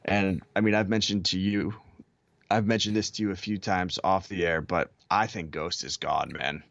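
Podcast co-host, male, very low voice, blunt opinions, dull dry recording. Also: steady tone, normal speed, creaky, fairly bright tone, no room sound. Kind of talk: casual sports chat.

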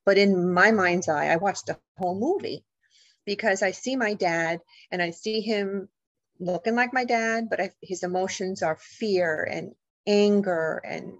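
A middle-aged woman, a guest author and paranormal investigator, telling a personal story in an animated, emotional way, acting out the voices of the people in it. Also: medium pitch, a little slow, no echo, highs cut off. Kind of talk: storytelling in a podcast interview.

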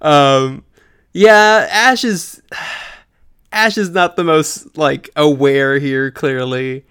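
Smooth-voiced man co-hosting a podcast. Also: a little high, very slow, a bit bright. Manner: chatty, laughs often, many fillers. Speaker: podcast co-host. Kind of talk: casual chat.

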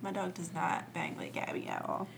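A woman co-hosting a podcast in casual chat, playful and quick to laugh. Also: on the low side, flat delivery, gravelly, background noise. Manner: playful, laughs often, sings snippets. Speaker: podcast co-host.

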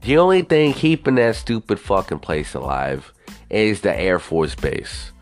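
Soft background music plays as a young man hosts his solo podcast, delivering a profane, animated, rambling rant full of asides. His voice is on the low side and a little slow.

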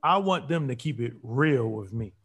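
A man's voice: mid-range voice, lively intonation, moderate pace, breathy edge. A man co-hosting a casual podcast chat, playful and teasing.

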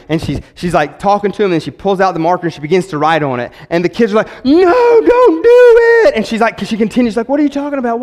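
A man, preaching a sermon in an animated way, repeating words and acting out quotes. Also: on the high side. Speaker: pastor. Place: church sanctuary. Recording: long hall reverb.

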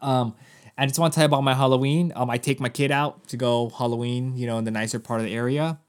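He's in his thirties, medium-pitched and quick to talk, co-hosting a podcast. While telling a story in casual chat, he gets animated, curses frequently, and acts out what others said.

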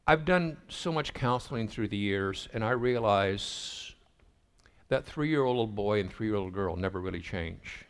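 Low-voiced man telling a sermon story. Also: measured pace, smooth. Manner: acts out family dialogue in a lively storytelling way. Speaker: pastor.

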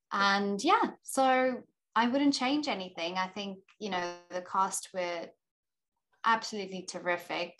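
A young adult woman with a South African accent talks easily in a casual interview, pitched in the middle range. She speaks freely, often stopping to add "you know" while she gathers her thoughts. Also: fairly bright tone. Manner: chatty, frequent "you know" fillers. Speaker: actor and filmmaker guest.

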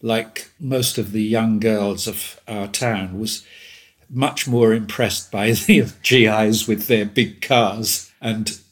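A man's voice: lowish voice, steady tone, slow pace. An older English man in his seventies, a guest telling stories in a rambling, amused way and laughing often. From England. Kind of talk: casual chat.

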